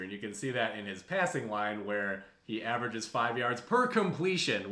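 A man's voice: lowish voice, fairly bright tone. A man co-hosting a casual sports podcast, breaking down games in a wry, self-deprecating way. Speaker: podcast co-host. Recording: roomy echo.

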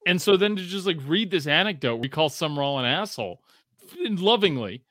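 A man's voice: fairly high pitch, a little fast, dry recording, studio quality. A man in casual chat, rambling and profane, full of fillers and restarts, voicing quotes as he tells stories. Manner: animated storytelling with voiced quotes.

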